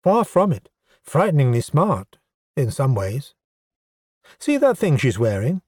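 Proud, eager goblin science officer, voiced by a male narrator; higher, excitable storybook voice, dry booth. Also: unhurried, slightly rough, no room sound. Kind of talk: audiobook character voice.

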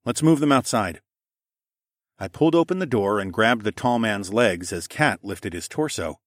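A man with a low voice reads a first-person audiobook. His telling is steady and matter-of-fact. The recording is dry and close. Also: moderate pace, no room sound. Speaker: narrator.

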